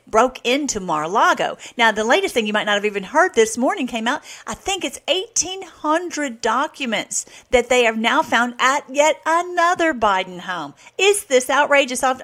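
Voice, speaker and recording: Excitable woman hosting a commentary show. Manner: excitable, laughing, pitch jumps when worked up. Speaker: online show host. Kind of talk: casual commentary over played clips.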